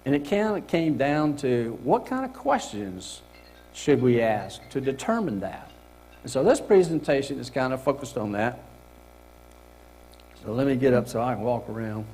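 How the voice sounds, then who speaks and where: A man's voice: medium pitch, big pitch swings, moderate pace, darkish tone, a little hiss or hum, low-quality recording. A middle-aged man presenting a career workshop to a group in a meeting room, speaking casually and acting out example lines with a laugh.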